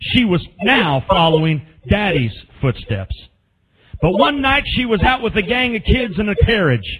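A man preaching an old-time revival sermon with fervent, drawn-out emphasis and repeated amens. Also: high-pitched, sing-song, fairly bright tone, breathy edge. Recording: tinny phone-like recording.

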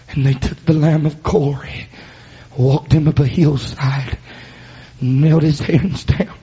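A man preaching a sermon, building into loud shouted, chanted passages. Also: fairly high pitch, slightly rough, dull audio.

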